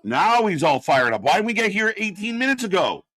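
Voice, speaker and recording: A man calls a live wrestling broadcast in a profane, exasperated rant. His voice sits a bit high and swings widely in pitch. The sound is dry and close, with no room around it. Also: sing-song, fairly quick, fairly bright tone, no room sound. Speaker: live watch-party commentator. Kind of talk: unscripted live commentary.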